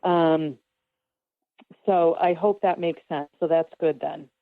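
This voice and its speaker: Calm woman medium on a phone line. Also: low-pitched, dry recording. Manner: calm, reassuring, explains slowly with fillers. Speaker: spiritual medium guest. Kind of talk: casual radio interview.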